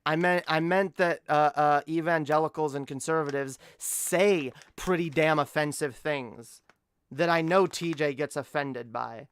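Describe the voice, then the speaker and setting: Male streamer, high clear voice, profane stammering rants, dry close sound. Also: fairly even intonation, measured pace, fairly bright tone, dry recording. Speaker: streamer reacting to videos. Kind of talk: casual reaction commentary.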